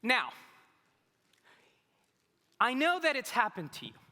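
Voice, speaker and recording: A man preaching in a church sanctuary tells a personal story with a lively, swooping voice and a bright, forceful tone. His delivery is humorous and self-mocking, and the sound carries a long hall reverb. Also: very high voice, takes it slowly. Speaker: pastor. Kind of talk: storytelling sermon.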